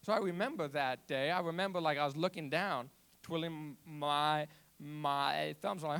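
Young man, stutter, animated testimony, higher-pitched voice. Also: normal speed, vocal fry, clean tone. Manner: repeats and restarts words, animated storytelling. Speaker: youth ministry volunteer. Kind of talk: personal testimony.

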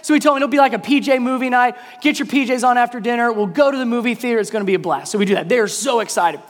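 A pastor in his thirties telling a family story as a sermon illustration, acting out his kids' voices in high shouts. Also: racing. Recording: long hall reverb.

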